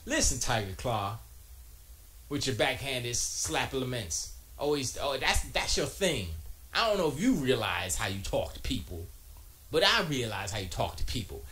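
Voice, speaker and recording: A man's voice: medium pitch, sing-song, normal speed, pushed and bright. Man rambling and joking on a livestream. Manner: rambling and joking, with muttered asides to himself. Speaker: live streamer reading chat. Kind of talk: casual livestream chat. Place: home music studio.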